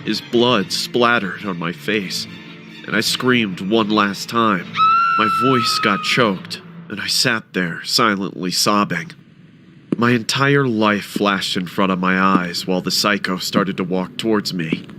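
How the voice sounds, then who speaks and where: A man narrating a first-person horror story with a dramatic, expressive delivery. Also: fairly low pitch, takes it slowly, music in the background.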